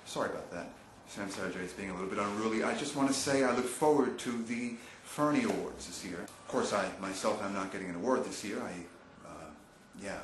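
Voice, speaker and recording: A man's voice: lowish voice, fairly quick, few pauses, reverberant, slight background noise, rough recording. A man co-hosting a jokey mock-broadcast preview, slipping into self-pitying, whiny asides. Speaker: co-host of a video preview.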